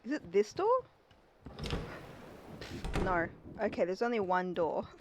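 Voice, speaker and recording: A woman's voice: mid-range voice, slow pace, background noise. Casual streamer: young woman, chatty, reacting to a game and talking to chat.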